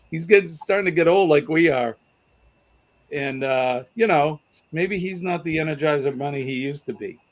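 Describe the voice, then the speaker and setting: Chatty boston guy hosting a trivia stream, kinda high voice, reads comments out loud. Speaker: trivia show host. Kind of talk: casual livestream chat.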